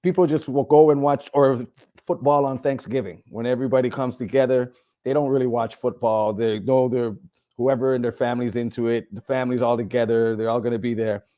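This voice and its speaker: A man's voice: medium pitch, fairly even intonation, brisk, dark tone. A man from Canada, a rapper guest on a podcast, talking in a laid-back, rambling way in casual chat.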